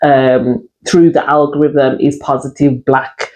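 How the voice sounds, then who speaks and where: A woman's voice: very deep voice, little pitch movement, a little slow, a little mellow, low-quality recording. Chatty woman co-hosting a podcast. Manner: chatty, many fillers and laughs. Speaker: podcast co-host. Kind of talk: casual discussion.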